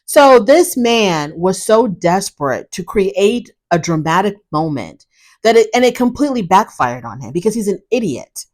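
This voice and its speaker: A woman recapping a reality TV episode in casual, animated commentary, often acting out what people said. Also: mid-range voice, moderate pace. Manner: animated, opinionated, acts out quotes; frequent fillers and restarts.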